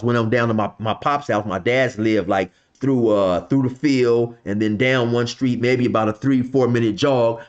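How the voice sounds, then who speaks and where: A man's voice: mid-range voice, lo-fi sound. A man casually telling a story from his past in loose slang, filling it with "you know" and "man.". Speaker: vlogger telling a street story.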